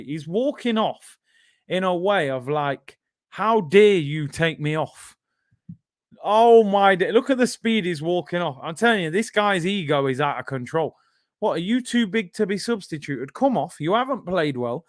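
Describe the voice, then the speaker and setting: Hosting a live football watch-along, a British man banters excitedly and reads viewer comments aloud. His voice sits high, and the studio sound is clean with no echo.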